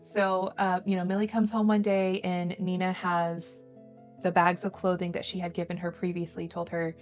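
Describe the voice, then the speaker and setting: A woman's voice: lowish voice, level tone, moderate pace, faint music behind. A young woman co-hosting a casual book podcast, retelling the plot at length and slipping into the characters' lines. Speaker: podcast co-host.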